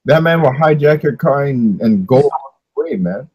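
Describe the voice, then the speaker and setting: A man's voice: mid-range voice, lively intonation, moderate pace, a little mellow, husky, no echo, low-quality recording. A man leading a casual religious discussion, preaching in a slangy way full of rhetorical questions.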